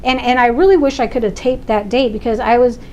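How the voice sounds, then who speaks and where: A middle-aged woman telling her own story as a mother, her voice sitting a little high. She tells it with heated emphasis. A faint hiss of background noise runs under the recording. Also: fairly even intonation, fast, darkish tone. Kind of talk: personal testimony.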